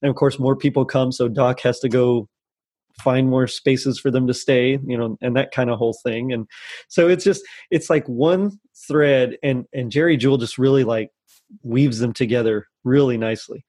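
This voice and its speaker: A man's voice: medium pitch, steady tone, moderate pace, a little mellow. Chatty, laughing man on a podcast. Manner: rambling, laughs often, lots of fillers. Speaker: podcast co-host. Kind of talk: casual chat about a holiday special. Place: lives in the U.S. South.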